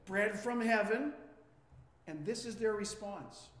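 High-voiced pastor in an echoey hall. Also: male voice, takes it slowly. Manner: animated, asks the congregation questions; acts out quotes with rising voice. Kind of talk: interactive sermon. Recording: echoey hall with long reverb.

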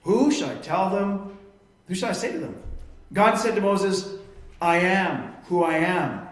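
Man, preacher, high voice, emphatic expository sermon, echoey room. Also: measured pace. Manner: earnest, emphatic explaining. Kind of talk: expository Bible teaching.

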